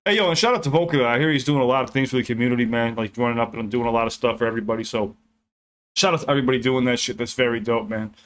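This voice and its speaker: A man's voice: medium pitch, fairly even intonation, racing, slight background noise. A young man hosting a reaction video, chatting loosely and cursing as he rambles about what he just watched. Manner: loose, profane, rambling chat with laughs. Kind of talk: casual reaction commentary.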